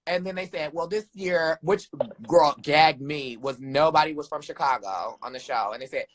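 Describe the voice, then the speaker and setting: A young man, a drag performer guest in a casual live chat, animated and sassy, calling people "girl" and "honey". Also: a little high, moderate pace.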